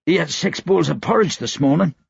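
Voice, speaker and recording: A man's voice: fairly high pitch, brisk, creaky, husky, no room sound, pitched above the performer's own voice, full character voice. A man voicing a joking male soldier with a light, teasing manner, in an audiobook. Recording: dry, slightly dull recording.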